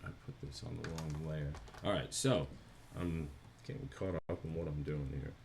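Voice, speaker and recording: A man's voice: extremely low pitch, expressive, moderate pace, vocal fry, darkish tone, a little hiss or hum. A man with a New Jersey accent, chatting casually on a live stream while he animates, thinking aloud and answering viewers.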